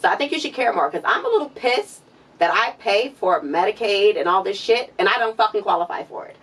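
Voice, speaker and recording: A woman co-hosting a podcast, talking in a heated, animated way, swearing often and pushing her voice high when she gets exasperated. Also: a little fast, husky, distant mic. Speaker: podcast co-host. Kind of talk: heated casual debate chat.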